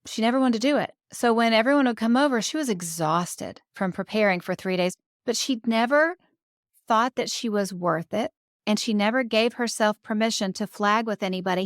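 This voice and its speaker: A woman's voice: fairly high pitch, normal speed, dry recording, clean studio sound. A woman author being interviewed on a podcast, telling stories reflectively and raising her voice on key points. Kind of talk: conversational interview.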